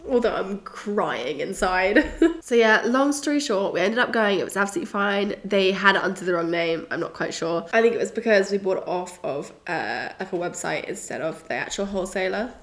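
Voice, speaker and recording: A woman's voice: medium pitch, expressive, fairly quick. A young woman from England, hosting a podcast, chatting and telling a story with lots of giggles and fillers. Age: young adult. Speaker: podcast host. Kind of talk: casual storytelling monologue.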